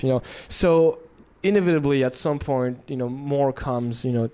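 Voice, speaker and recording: Male studio founder, mellow tone, hesitant and thoughtful, casual interview delivery. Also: medium pitch, fairly even intonation, moderate pace, hardly any pauses, clear, resonant tone. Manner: thoughtful, hesitant, with frequent restarts.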